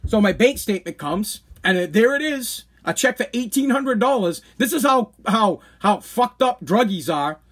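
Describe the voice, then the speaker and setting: A man's voice: high voice, animated, normal speed, few pauses, fairly bright tone, breathy edge. A man hosting a podcast, telling a personal story in a blunt, profane, worked-up way. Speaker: podcast host. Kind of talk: casual storytelling.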